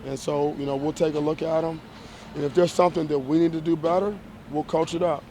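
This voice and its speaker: Football coach guy at a post-game presser outside, flat steady voice, keeps restarting his sentences, noisy. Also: fairly high pitch. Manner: measured, repeats and restarts phrases, emphatic. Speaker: college football head coach.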